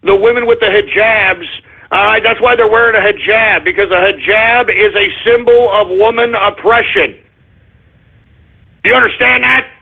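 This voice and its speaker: A very high-pitched man ranting on talk radio, his voice husky and rough. He breaks into loud, exasperated shouts. The sound is thin and phone-like. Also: moderate pace. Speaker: radio talk show host. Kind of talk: ranting call-in radio monologue. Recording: tinny phone-line audio.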